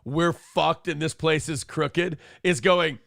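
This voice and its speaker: Male morning show host, rough gravelly tone, profane and animated, dry studio sound. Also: fairly high pitch, slow pace, no room sound. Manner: profane, animated, mimics others in loud bursts. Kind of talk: casual podcast commentary.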